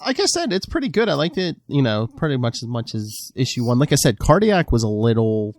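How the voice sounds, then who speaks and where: A man's voice: mid-range voice, sing-song, fairly quick, no room sound. A man co-hosting a podcast, talking comics in a laid-back way with lots of "like". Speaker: podcast co-host. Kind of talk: casual chat about comics.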